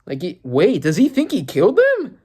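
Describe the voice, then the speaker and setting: Excitable man thinking aloud. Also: high voice, moderate pace, husky. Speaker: manga reaction channel host. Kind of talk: casual reaction commentary.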